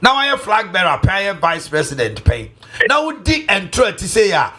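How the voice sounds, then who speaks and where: Animated Ghanaian man hosting a talk show. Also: high voice, moderate pace. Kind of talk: political talk show, mixing English and Twi.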